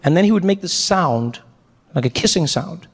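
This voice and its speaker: A male stand-up comedian telling a story with lots of energy, slipping into each character as he goes. His voice is high. The long reverb of a large performance hall trails behind him. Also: moderate pace, creaky, slightly rough. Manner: animated, acts out every character.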